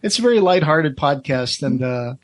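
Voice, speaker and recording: A man's voice: on the high side, lively intonation, moderate pace, no echo. A man co-hosting a podcast in casual chat, rambling with many fillers and easy laughs. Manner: rambling, lots of fillers and restarts, laughs easily. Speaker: podcast co-host.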